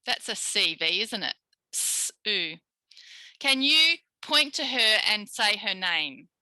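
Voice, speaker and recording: Teaching a live online speech therapy session, a woman with an Australian accent demonstrates individual sounds in an unhurried, sing-song way, encouraging listeners like little kids. Her bright, medium-pitched voice sits close on a dry, echo-free mic, and the recording is rough.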